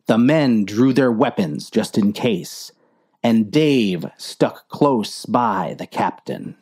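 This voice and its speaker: A woman reading a clumsy war story aloud in a slow, mock-earnest narration. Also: rumbling low, mellow, slightly rough. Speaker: story reader.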